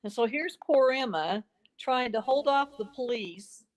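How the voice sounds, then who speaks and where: A woman's voice: fairly high pitch, lively intonation, unhurried. A woman guest on a podcast, telling a story conversationally, building her argument point by point and acting out bits of quoted dialogue. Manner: earnest, builds a case point by point; acts out quoted dialogue in brief snippets.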